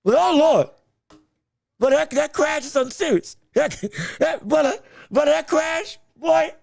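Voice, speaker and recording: A man hosting a boxing podcast, chatting casually with his audience in an excitable, animated way, laughing often and repeating himself as he talks. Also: very high-pitched, a little slow, gravelly, no echo. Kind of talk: casual live-stream chat.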